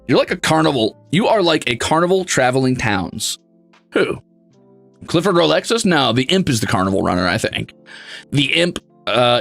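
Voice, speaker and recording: Brash gravelly male streamer. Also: medium pitch, a bit bright, dry recording. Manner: brash, sarcastic, swearing, mock-grumpy. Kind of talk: casual chat reading donations.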